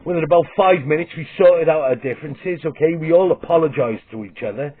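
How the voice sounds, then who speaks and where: Husky Welsh man ranting. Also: a little high, fairly quick. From Wales. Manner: blunt and sweary, with restarts. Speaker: vlogger and comedian. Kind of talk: rambling comic storytelling monologue. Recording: tinny phone-like sound.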